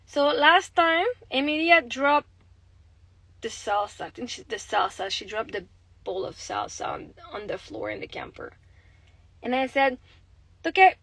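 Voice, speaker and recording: A woman's voice: fairly high pitch, big pitch swings, measured pace, creaky, a bit bright, dry recording, rough recording. A young adult woman with a Québécois French accent, chatting candidly on a phone livestream, rambling and swearing freely. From Quebec, Canada. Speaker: livestreaming mother. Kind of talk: casual livestream chat.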